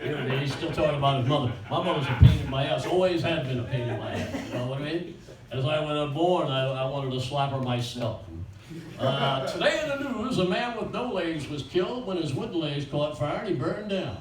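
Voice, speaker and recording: Older male comic, crude rambling one-liners, slightly high voice, caught on a distant mic in a roomy space. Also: animated, a little fast, a loud crowd. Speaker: stand-up comedian. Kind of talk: stand-up comedy at an open mic. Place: small bakery venue with few people. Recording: roomy echo from a distant mic, faint ambience.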